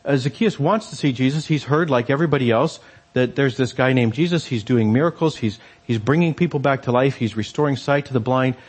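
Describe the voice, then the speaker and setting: A man's voice: medium pitch, brisk, husky. A man preaching a sermon in a conversational storytelling way, with fillers and restarts.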